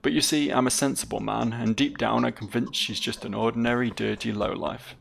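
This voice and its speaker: A man with a gravelly voice voicing a young nobleman's son in a video game, an anxious, brooding character, read in an earnest, dramatic way with high lifts. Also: fairly even intonation, brisk.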